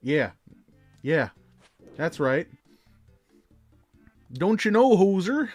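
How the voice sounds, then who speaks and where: Rowdy canadian backroads dude, loud slangy drawl, guy goofing on his own accent. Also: high-pitched, very animated, drawn-out words, faint music behind, voice pushed up, exaggerated voice. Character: rowdy small-town Canadian man.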